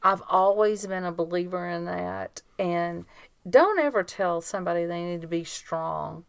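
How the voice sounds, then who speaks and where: Slow, gravelly woman co-host. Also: fairly low pitch, no room sound. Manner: earnest, emphatic, slow and deliberate. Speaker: podcast co-host. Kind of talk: casual chat.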